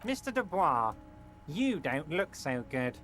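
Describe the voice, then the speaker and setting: An actor playing a smooth, falsely reassuring union boss in a video game, oily in manner. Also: male voice, on the high side, sing-song, takes it slowly, fairly bright tone, a little hiss or hum, exaggerated voice. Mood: mocking concern. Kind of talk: game voice acting. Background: game music.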